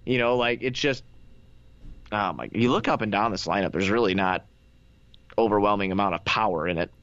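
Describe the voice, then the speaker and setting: A man's voice: fairly low pitch, fairly quick, fairly bright tone, dry recording, muffled recording. A man co-hosting a casual sports podcast, glum and complaining, stammering through his sentences. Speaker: podcast co-host.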